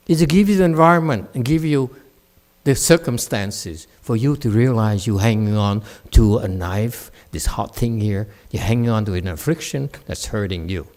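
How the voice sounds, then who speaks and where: A man, a Buddhist monk, giving a dharma talk to his class in a blunt, scolding and mocking way. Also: mid-range voice. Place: meditation center.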